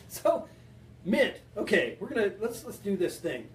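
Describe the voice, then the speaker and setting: Rambling joking man with a high voice. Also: sing-song, measured pace, a little hiss or hum. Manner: rambling, joking, talks to viewers. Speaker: home bartending show host. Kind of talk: joking casual cocktail demo. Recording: echoey room, distant mic.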